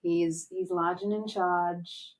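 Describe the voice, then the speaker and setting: A woman's voice: on the low side, fairly even intonation, slow pace. A woman co-hosting a sports podcast over a video call, talking casually with many restarts. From Australia. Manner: rambling, self-correcting, frank. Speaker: podcast co-host.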